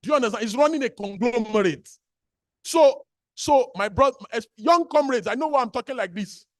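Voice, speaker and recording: A man with a Nigerian accent delivers a fiery public speech in a notably high voice. He hammers his points home by repeating whole phrases. The sound is close and dry, with no room around it. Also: dry recording. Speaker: activist speaker at a birthday gathering.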